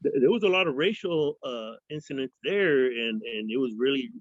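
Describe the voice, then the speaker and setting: A man's voice: mid-range voice, lively intonation, normal speed, no room sound. Man from Fresno, interview guest, rambling and profane, mimics voices in his stories; dry, dull lo-fi recording. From Fresno, California. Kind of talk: casual storytelling interview. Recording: dull lo-fi sound.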